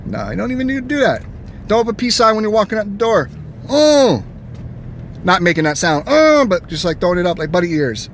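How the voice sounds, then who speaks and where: A man chatting casually from his car while driving, telling stories in an animated way and acting out both sides of each exchange. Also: sits high, brisk. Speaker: gaming vlogger. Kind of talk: casual chat. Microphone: phone camera. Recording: faint road noise inside a moving car. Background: faint car and road noise.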